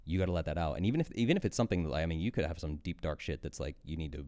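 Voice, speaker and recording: A man's voice: low-pitched, expressive, very fast, hardly any pauses, mellow. A man in his thirties, a podcast guest and coach, talking candidly and intensely, swearing freely. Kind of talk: candid conversational monologue.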